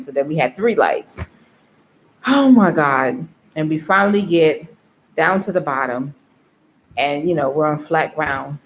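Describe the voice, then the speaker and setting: A woman's voice: low-pitched, slight background noise. A woman vlogger telling a story in a casual way, laughing often and acting out what she told herself. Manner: animated, laughs often, acts out her own inner voice.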